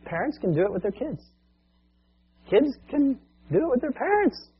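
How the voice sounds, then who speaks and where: A male preacher telling a long story as a sermon illustration, in a conversational, animated way, on a muffled lo-fi recording. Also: extremely high pitch, normal speed, slightly rough.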